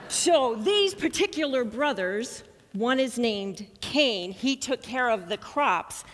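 A woman giving a children's sermon in a church, speaking in a lively, coaxing way and asking the children questions. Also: a little high, slow, big-room sound. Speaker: children's message leader. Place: church sanctuary.

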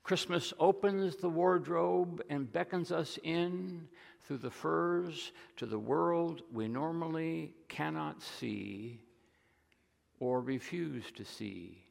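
A man preaching a sermon, retelling stories and dropping to a hush on key lines. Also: fairly high pitch, takes it slowly, gravelly, big-room sound. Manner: storytelling, drops to a soft hush on key lines.

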